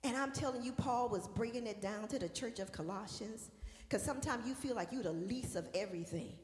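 A woman minister preaching a sermon, shouting and singing out praise at times and dropping to a soft, talking tone at others. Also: on the high side, a little fast, echoey room, in a large hall. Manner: shouts and sings out praise, then drops to a soft conversational tone.

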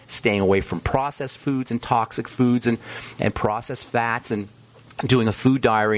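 Emphatic lower-voiced male radio host. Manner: emphatic, ranting, lecturing. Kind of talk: call-in health talk radio.

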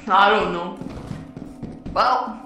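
Deadpan joking gamer man, very echoey. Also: high-pitched, very slow, faint music behind. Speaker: fellow player. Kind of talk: casual gaming voice chat. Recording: very echoey, noisy game chat.

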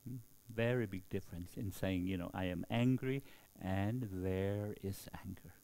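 A middle-aged man speaks as a Buddhist monk giving a dharma talk. His voice sits fairly low, and he talks slowly with many pauses. He keeps checking in with his listeners with a soft questioning "hmm?". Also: gravelly. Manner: slow, with frequent questioning "hmm?".

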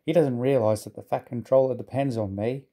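A man's voice: mid-range voice, fairly even intonation, dark tone, lightly acted. A man voicing a proud, impatient young tank engine in a storybook reading, speaking crossly and in a hurry. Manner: cross and hurried.

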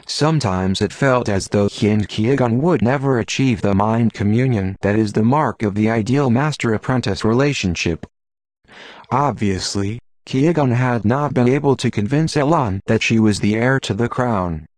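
A man reading an audiobook in a steady, measured narration. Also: medium pitch, no echo.

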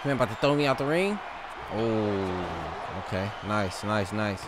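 A man giving loud, trash-talking live commentary while playing a wrestling game. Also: fairly low pitch, unhurried, over a noisy crowd, very noisy. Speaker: gaming channel host.

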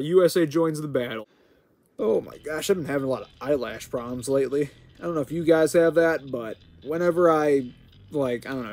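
An American man hosting a gaming channel, rambling through casual gameplay commentary with sudden loud outbursts. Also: medium pitch, no room sound. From United States.

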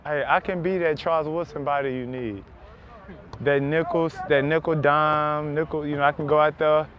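A young man, a pro football wide receiver, joking and trash talking loudly at practice on a wireless body mic outdoors. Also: fairly high pitch, fairly even intonation, normal speed, dull audio, slight background noise. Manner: loud, joking, teasing trash talk. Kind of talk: mic'd up banter at practice.

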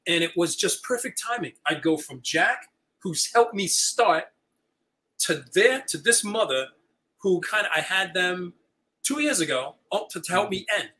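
An older man, a retiring high school teacher, telling stories as an interview guest and acting out the dialogue. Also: unhurried, low-quality recording. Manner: animated, acts out quoted dialogue. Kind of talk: storytelling chat.

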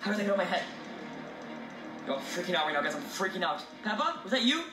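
A man narrates a haunted-doll vlog in a jumpy way, speaking straight to his viewers. He sounds set back from the mic in a roomy, echoing space, with music playing clearly underneath. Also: sits high, sing-song, quick pace, far from the mic. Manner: jumpy, addresses viewers as guys. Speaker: video creator.

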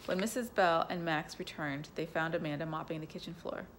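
A woman at home reading a bedtime story aloud, gentle and casual, with asides to the listener. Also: deep voice, steady tone, brisk, creaky, hardly any pauses, a little hiss or hum.

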